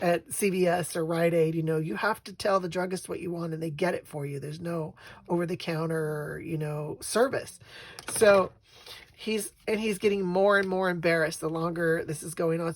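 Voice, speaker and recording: Chatty, low-voiced woman crafting at home. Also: a little hiss or hum. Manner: chatty, rambling storyteller who laughs often. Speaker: craft channel host. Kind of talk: casual crafting vlog chat.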